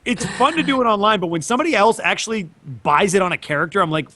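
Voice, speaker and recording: A man's voice: high-pitched, animated, bright, forceful tone, slight background noise. A young man, a voice actor, chatting casually and playfully, often slipping into impressions. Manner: playful, quick to slip into impressions. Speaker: voice actor guest.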